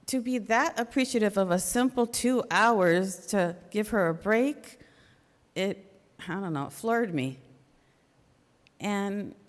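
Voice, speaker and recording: A middle-aged woman speaks earnestly and conversationally, sharing a personal faith talk at a church memorial service. Her voice sits at an ordinary pitch for a woman. It carries a long reverberant tail from the hall. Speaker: church member giving a talk.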